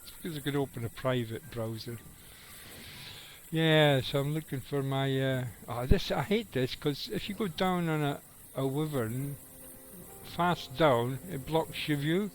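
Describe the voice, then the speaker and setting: Over soft background music and poor audio, a middle-aged game streamer gives casual, wandering commentary and talks with viewers, cursing from time to time. His voice is a little high, and his pace is measured.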